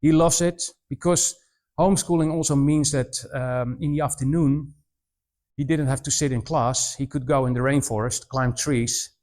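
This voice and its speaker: A man in his forties giving a missionary presentation to students, telling stories in an animated way, mimicking voices and often restarting his sentences. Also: medium pitch, moderate pace. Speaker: missionary speaker. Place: college presentation room.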